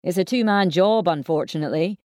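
A woman voicing a hurried young farmer boyfriend who calls out impatiently. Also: fairly low pitch, a little mellow, dry recording, studio quality, lightly acted. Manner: impatient, calling out.

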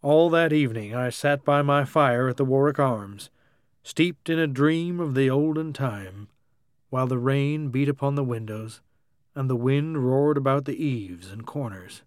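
Casting: male audiobook narrator, measured and literary, dry close-mic sound. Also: mid-range voice, no echo.

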